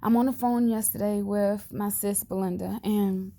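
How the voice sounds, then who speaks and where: A grieving mother holding back tears as she records a personal video message to camera, speaking earnestly and haltingly, her sentences often trailing off. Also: mid-range voice, fairly even intonation, mellow.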